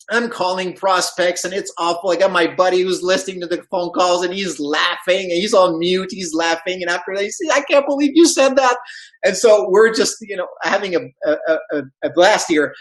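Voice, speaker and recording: A man's voice: sits high, moderate pace, low-quality recording. A man speaking English as a second language tells his sales story with energy. He acts out the voices of the people in it and keeps the story moving like a motivational speaker. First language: not English. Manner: animated storyteller, acts out quoted dialogue. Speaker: network marketing speaker.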